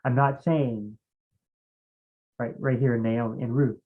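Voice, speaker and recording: A man's voice: mid-range voice, fairly even intonation, measured pace. Rambling man on muffled phone-like audio. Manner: rambling, thinking aloud, searching for names. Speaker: Bible study teacher. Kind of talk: casual Bible study talk.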